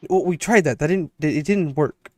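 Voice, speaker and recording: A man's voice: a little high, brisk, a little mellow, no room sound, studio quality. A young man co-hosting a podcast, telling a long story in a rambling casual way and acting out his friends' lines. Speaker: podcast co-host.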